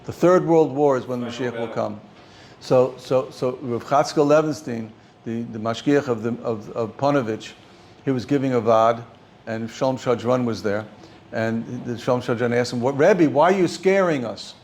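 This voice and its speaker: An older man, teaching an informal class as a rabbi, halting and repeating words as he speaks. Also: mid-range voice, slight background noise. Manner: halting, repeats words often, animated when stressing points. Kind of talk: informal Torah class talk.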